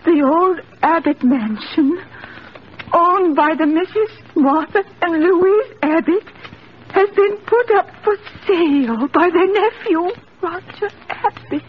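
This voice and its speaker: An actress playing a timid, gentle elderly woman in a 1940s-style radio drama, breathless with fluttering exclamations. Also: very high voice, slow. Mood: dismayed. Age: older. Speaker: elderly spinster sister. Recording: dull old radio broadcast with hiss.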